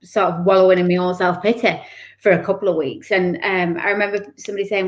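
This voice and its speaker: A woman's voice: medium pitch, fairly even intonation, fairly quick. Candid woman telling her story. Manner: candid and emotional, many restarts and self-corrections. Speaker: guest author. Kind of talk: personal storytelling in an interview.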